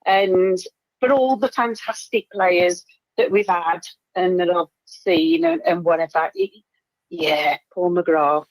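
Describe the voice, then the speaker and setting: A woman's voice: lowish voice, fairly even intonation, slow, dry recording, muffled recording. A woman calling in to a football phone-in, friendly and storytelling, often ending on tag questions. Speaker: caller. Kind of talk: casual football phone-in chat.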